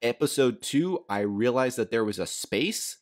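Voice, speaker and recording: A man's voice: medium pitch, animated, unhurried. A man hosting a casual podcast chat, rambling along with frequent laughs and fillers. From United States. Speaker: podcast host.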